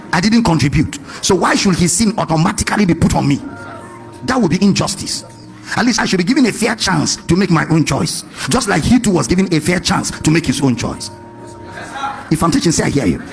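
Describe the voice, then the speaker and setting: Animated high-voiced preacher. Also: male voice, a little fast, gravelly, pauses often, soft background music. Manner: animated, questions the congregation, sing-song emphasis. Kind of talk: lively sermon.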